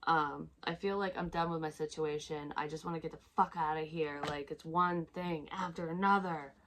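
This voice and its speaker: A woman's voice: low voice, steady tone, moderate pace, fairly bright tone, a little hiss or hum. A woman giving a casual tarot reading, chatty, swearing freely and laughing at herself. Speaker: psychic tarot reader.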